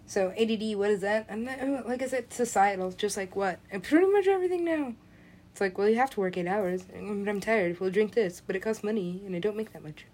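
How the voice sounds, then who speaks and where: A woman's voice: mid-range voice, steady tone, brisk, hardly any pauses, a little mellow. A young woman talks in a wandering, unfiltered monologue, laughing between thoughts and dropping swear words freely. She keeps slipping into quoted voices and asides, and a faint hiss sits under the recording. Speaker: parent. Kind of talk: rambling monologue.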